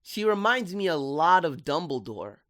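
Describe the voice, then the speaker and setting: Slangy, excited man reviewing a cartoon. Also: on the high side, normal speed. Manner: animated, slangy and enthusiastic. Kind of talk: casual video commentary.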